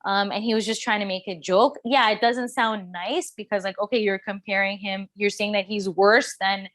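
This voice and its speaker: A woman's voice: medium pitch, steady tone, moderate pace, a bit bright, no echo. Emphatic woman guest, dry close sound. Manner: emphatic, opinionated, with small restarts. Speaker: podcast guest. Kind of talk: casual chat.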